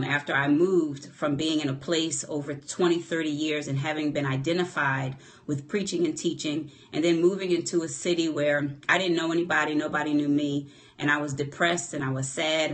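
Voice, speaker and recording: A middle-aged woman giving a chatty live-stream motivational talk, greeting viewers by name in a warm, lively way. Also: low voice. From New Jersey. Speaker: motivational speaker and author. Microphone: phone camera.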